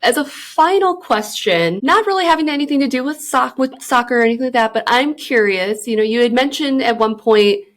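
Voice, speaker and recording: A woman's voice: on the high side, animated, fairly quick, hardly any pauses, fairly bright tone. A young adult woman hosting a podcast interview, asking questions in an effusive, enthusiastic way. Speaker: podcast host.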